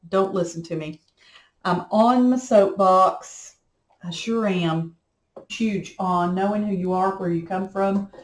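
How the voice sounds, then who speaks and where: A woman's voice: on the low side, darkish tone, slight background noise. A middle-aged woman, chatting in a folksy, rambling way while she works on a craft project at home. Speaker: crafting vlogger. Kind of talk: casual chat while crafting. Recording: echoey room.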